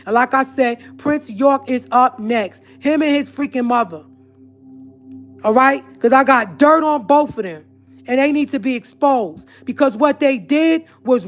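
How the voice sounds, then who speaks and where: A woman's voice: high voice, moderate pace. A woman hosting her own channel, ranting in a heated, confrontational monologue to her viewers. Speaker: channel host. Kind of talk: ranting live-stream monologue.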